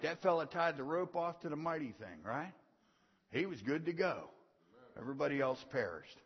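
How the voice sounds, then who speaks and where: A man preaching a sermon in a folksy call-and-response style, swelling into shouted emphasis. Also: on the high side, very animated, moderate pace, husky. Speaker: pastor. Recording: dull sound with long reverb in a large hall.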